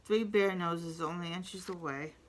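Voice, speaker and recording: A woman reading a picture book aloud in a steady storytelling voice. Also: on the low side, a little slow, slight background noise, poor audio.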